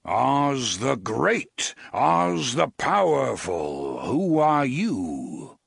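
A man doing a mighty male wizard who speaks in slow, swelling pronouncements. The voice is loud and theatrical, with a husky edge. It sounds dry and close. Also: medium pitch, sing-song, no room sound, exaggerated voice. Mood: booming. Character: booming male wizard voice from pipes.

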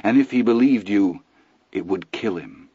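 A man narrator voicing a calm, cold, controlling middle-aged stepmother who speaks low and quietly cutting. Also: moderate pace, husky, no room sound, dull audio. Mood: icy calm.

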